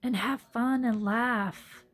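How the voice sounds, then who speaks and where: A woman yoga teacher reflects on personal matters into her phone, her voice on the high side, steady and slow. She comes across as earnest and soft-spoken, at times lowering to a whisper.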